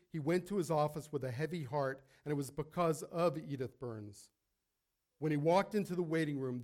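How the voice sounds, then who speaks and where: A man preaching a sermon, telling a story and calling out to the congregation in an animated way. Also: a little high. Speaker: pastor.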